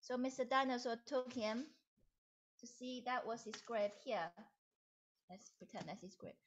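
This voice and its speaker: A woman teacher narrating a puppet story for children over a video call, in an animated, playful way. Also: fairly high pitch, measured pace, dull audio, slight background noise. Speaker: music teacher.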